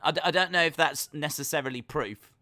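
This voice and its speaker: A man's voice: a little high, fairly quick, sharp tone. A man co-hosting a casual podcast chat over a video call, teasing and laughing often. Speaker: podcast co-host.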